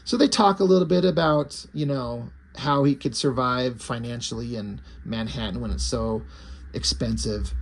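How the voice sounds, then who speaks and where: A man's voice: medium pitch, moderate pace, vocal fry, a little hiss or hum. A man casually retelling and reviewing a graphic novel, enthusiastic and loose, with the occasional swear. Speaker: comic book reviewer.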